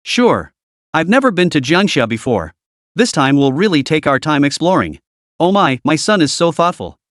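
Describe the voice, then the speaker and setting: A man's voice: on the high side, very animated, moderate pace, a bit bright, no room sound, studio quality. A man reading as a proud, flustered mom. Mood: fond. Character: fond, excitable middle-aged mother.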